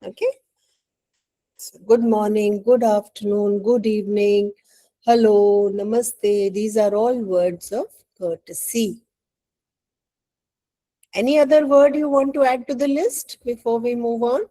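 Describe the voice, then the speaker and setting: Slow, mellow Indian-accented woman teacher. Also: on the high side, fairly even intonation, low-quality recording. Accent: Indian English. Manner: patient, coaxing, often checks with "right?". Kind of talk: online English lesson.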